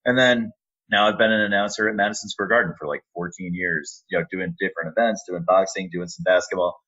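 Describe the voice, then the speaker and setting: A man with a very low, deep voice tells stories with animated energy, acting out quoted lines as he goes. He sounds like a guest on a casual podcast. The audio is a little dull and lo-fi. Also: fast talker. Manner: animated storyteller, acts out quotes. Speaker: podcast guest, announcer and voice actor. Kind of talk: casual storytelling interview.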